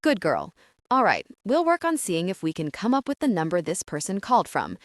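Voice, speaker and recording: A woman reading the part of a male FBI agent, speaking dryly and calmly for an audiobook. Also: lowish voice, brisk, no echo. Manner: dry, bureaucratic calm. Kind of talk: audiobook character voice.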